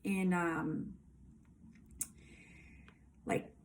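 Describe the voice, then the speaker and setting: A woman's voice: on the low side, flat delivery, very slow, a little hiss or hum. A woman giving a casual tarot reading, emphatic and rambling, with lots of fillers. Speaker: tarot reader.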